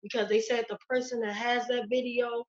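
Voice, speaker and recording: A woman's voice: fairly high pitch, little pitch movement, fairly quick, muffled recording. A woman guest giving urgent, emotional testimony in an interview, pleading and repeating phrases. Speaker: interview guest, victim's sister.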